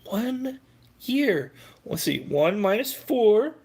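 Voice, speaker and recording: A man's voice: extremely high pitch, animated, a little slow. A man hosting a heated, profane sports rant, arguing with commenters.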